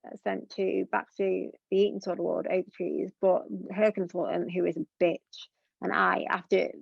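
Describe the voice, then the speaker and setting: In a candid interview, a young woman talks earnestly and rambles, using many fillers. Her lowish voice has a level tone, vocal fry, and a breathy edge, at a moderate pace. The lo-fi recording is dull and dry, with no room sound.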